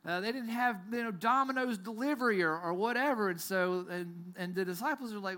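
Lively pastor preaching. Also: male voice, high voice, fairly quick, few pauses. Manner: animated storytelling, swings from loud to near-whisper. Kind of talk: sermon. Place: church.

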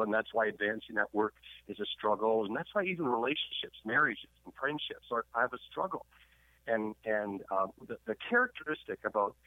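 A man's voice: fairly low pitch, no room sound. A Canadian man speaking over a tinny, phone-like line with a dry, close sound. He talks like a preacher, leaning on his key lines and often stammering over repeated words. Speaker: guest pastor and historian. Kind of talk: radio interview, sermon-like storytelling.

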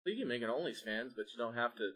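Bright-voiced young man, animated storyteller. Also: medium pitch, very fast, husky. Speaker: podcast co-host. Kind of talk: casual chat.

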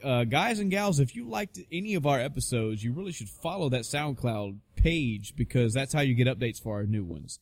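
A young man chats on a podcast, swearing freely and spinning animated stories. His voice sits mid-pitched and is recorded dry and close, with no room sound. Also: normal speed, few pauses, no room sound. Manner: profane, animated storyteller, mimics others in high voices. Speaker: podcast co-host. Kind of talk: casual podcast chat.

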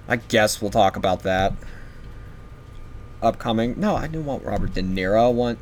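A man's voice: on the low side, a bit bright, a little hiss or hum. A young man talking alone on his podcast, loose and offhand. He wanders from thought to thought, swears freely, and trails off into half-finished sentences. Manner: rambling, profane, offhand. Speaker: podcast host. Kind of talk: solo podcast rambling.

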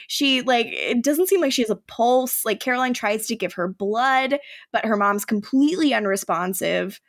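Young female podcast co-host; lively, chatty storyteller with a slightly high voice who acts out scenes as she retells them. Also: normal speed. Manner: animated storytelling, acts out quoted lines, frequent "like". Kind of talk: casual episode recap.

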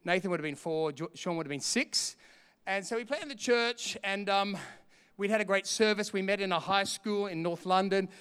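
A middle-aged man preaching a sermon as a pastor, telling a story with fervor and rising to shouts at points. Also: high voice, normal speed, clean tone. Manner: impassioned preaching that swells to shouts between quieter storytelling. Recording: long reverb hall.

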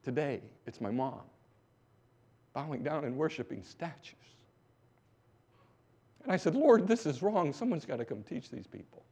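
Preaching man, hushed then loud. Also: a little high, very animated, normal speed, long pauses, slightly rough. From United States. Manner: exhorting, swinging from hushed to loud. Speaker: missionary preacher. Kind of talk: sermon testimony.

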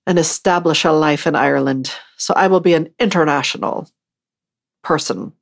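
A woman's voice: low voice, moderate pace, creaky. A woman hosting her podcast, talking on her own in a rambling, chatty and self-mocking way. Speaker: podcast host. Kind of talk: casual solo podcast monologue.

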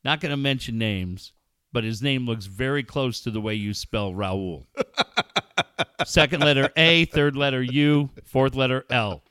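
Lively bright-voiced man, laughing and cursing. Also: mid-range voice, measured pace, clean tone, no echo, clean studio sound. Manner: rowdy, cursing, laughs a lot. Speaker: co-host. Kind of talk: profane comedic radio banter.

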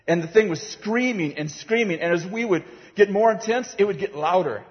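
A man's voice: sits high, moderate pace. A man with a slightly raised voice tells a story from a sermon platform, acting out the voices and laughing as he goes. His voice rings with the long reverb of a big hall, and the recording sounds somewhat muffled. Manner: animated, acts out voices, laughs while telling. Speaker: preacher.

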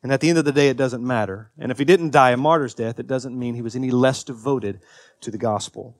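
A pastor in his thirties preaches earnestly, moving between emphatic peaks and quiet confession and frequently restarting and repeating himself. His mid-range voice moves at a quick pace in a dry, clean studio recording.

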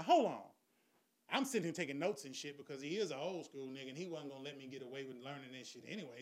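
A man's voice: medium pitch, fairly bright tone. A middle-aged man telling crude stand-up stories with lots of profanity, often laughing at his own jokes. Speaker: stand-up comedian.

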